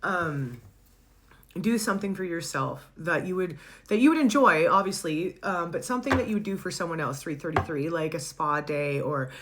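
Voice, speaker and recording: Low-voiced woman giving a chatty tarot reading. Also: moderate pace, background noise. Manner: chatty, warm-hearted, laughs often, searches for words. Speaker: tarot reader.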